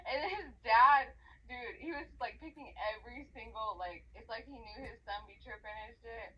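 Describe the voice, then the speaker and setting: A woman's voice: a little high, animated, brisk, husky. A young woman in casual chat, telling a story bluntly and with lots of swearing, often breaking into laughter. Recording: muffled lo-fi recording.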